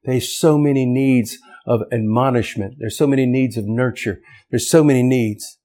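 A man preaching an impassioned sermon, emphatic and repetitive, climbing toward near-shouting on key points. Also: mid-range voice, normal speed.

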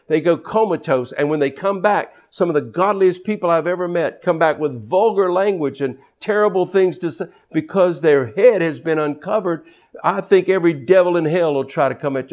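With real fervor, a man preaches a sermon, building each point by repeating words. He alternates between low, quiet moments and high, rising bursts of emphasis.

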